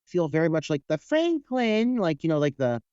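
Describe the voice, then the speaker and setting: Male co-host, a touch high, mellow, chatty with lots of "like", dull dry sound. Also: very animated, moderate pace, clear, resonant tone, dry recording. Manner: hedging, filler-heavy, with mimicked quotes. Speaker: podcast co-host. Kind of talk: casual film discussion.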